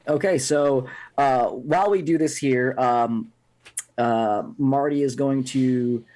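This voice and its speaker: A man's voice: medium pitch, takes it slowly, a little mellow. A man playing a tabletop game, describing his moves hesitantly with many fillers. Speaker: player. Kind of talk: casual tabletop game chat.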